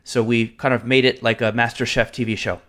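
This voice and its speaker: A man co-hosting a podcast, telling stories in a chatty, animated way with fillers. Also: medium pitch, fairly quick. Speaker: podcast co-host. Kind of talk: casual podcast chat.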